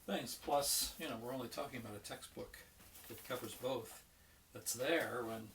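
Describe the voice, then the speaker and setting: A man's voice: medium pitch, moderate pace, fairly bright tone, far from the mic, slight background noise. A man who is an economics professor, giving an informal, folksy online lecture with many fillers and restarts. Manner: chatty and folksy, tells jokes with acted quotes.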